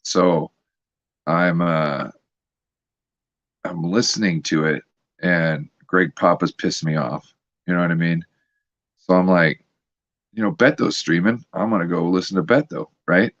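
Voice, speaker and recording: Deep-voiced fan on a dull remote line. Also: male voice, measured pace, long pauses, no room sound. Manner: animated storytelling, frustrated fan. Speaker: guest co-host. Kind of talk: casual sports chat.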